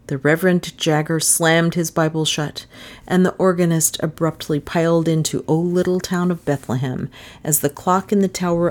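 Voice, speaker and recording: Woman, audiobook narrator, wry delivery, low deep voice. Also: darkish tone. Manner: dry, wry storytelling.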